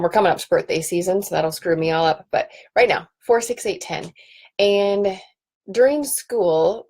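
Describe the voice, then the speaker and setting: Speaking into her computer webcam in a home office, a woman in her thirties runs a casual live stream at a medium pitch with a slightly mellow quality. Her chatter wanders, full of ums and restarts.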